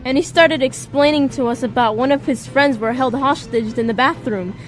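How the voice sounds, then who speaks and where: A young woman with a high voice tells a casual storytime for an animated video. She rants sarcastically and bursts into loud acted quotes, with faint music under her. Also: moderate pace.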